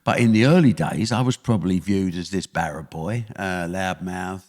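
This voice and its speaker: A man's voice: deep voice, moderate pace, darkish tone, long reverb tail. An older man with an East London accent, a guest telling blunt, punchy stories in a podcast interview. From England. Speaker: guest, sports promoter.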